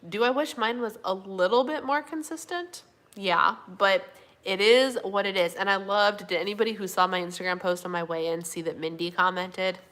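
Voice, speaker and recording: A woman hosts a relaxed live stream and reads out comments from her viewers. Her voice is bright and forward, with a loose, chatty delivery full of "um"s and "like"s. She slips in an easygoing "y'all" now and then. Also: medium pitch, moderate pace. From Minnesota, USA. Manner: chatty, fillers and yawning, says y'all. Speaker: livestream host. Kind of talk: casual live chat reading viewer comments.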